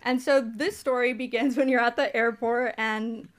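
Female radio talk host, friendly and upbeat, higher pitch, clean smooth tone. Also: steady tone, normal speed. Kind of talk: radio interview.

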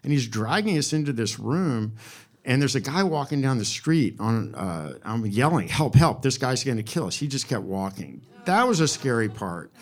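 A man in his sixties telling a true story at a live storytelling event, wry and profane with a deadpan delivery. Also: mid-range voice, normal speed. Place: live event before an audience.

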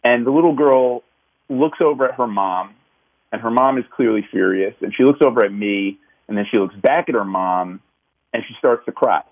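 Over thin, tinny audio, a man of medium pitch speaks at a normal speed. He's a city councilman sharing a memory from when he taught, earnest and reflective in a conversational way. He often starts his sentences over.

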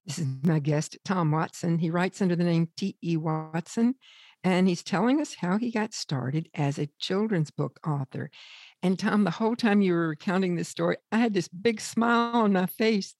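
A woman's voice: fairly low pitch, expressive, normal speed, darkish tone, dry recording, clean studio sound. A woman hosting an interview, introducing her guest and reacting with encouragement. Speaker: host. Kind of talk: interview host.

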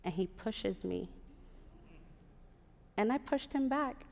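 A woman from Puerto Rico telling a personal story on a theater stage, animated, with sassy asides to the audience. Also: mid-range voice, slow, creaky. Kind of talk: live storytelling performance. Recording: live theater with long reverb.

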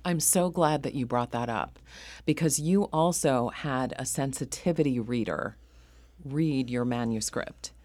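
A woman hosting a public radio interview, asking questions in a measured way. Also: a bass voice, darkish tone, dry recording. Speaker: radio host.

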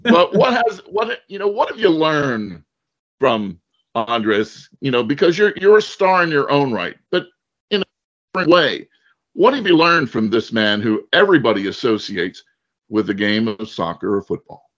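A man's voice: medium pitch, lively intonation, normal speed, a bit bright. A man hosting a radio sports show, asking questions and teasing his guests playfully. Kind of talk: radio interview, joking. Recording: slightly dull lo-fi sound.

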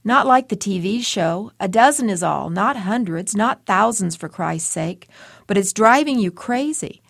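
A man's voice: high voice, expressive, unhurried, gravelly, fairly bright tone, no room sound, heavily acted. A woman reading the part of a self-satisfied middle-aged husband who co-hosts a radio show, voiced in a wheedling, needling tone in a dry, close recording.

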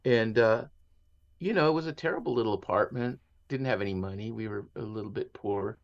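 A man's voice: lowish voice, brisk, gravelly. Guy telling old family stories in an interview, drops in spanish words, kinda muffled lo-fi sound. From Mexico and San Diego. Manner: reflective, mixes in Spanish words. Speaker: author and interview guest. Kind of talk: conversational storytelling.

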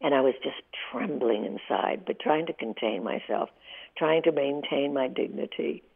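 A woman in her eighties tells a heartfelt story as a radio guest. Her voice is low and gravelly, and she speaks with vivid feeling. The sound is thin and tinny, like a phone line. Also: moderate pace. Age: 80s. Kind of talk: emotional storytelling in a radio interview.

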